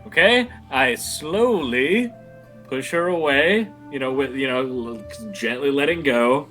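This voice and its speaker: A man playing a tabletop role-playing game, animated and joking. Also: medium pitch, slow pace, faint music behind. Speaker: player.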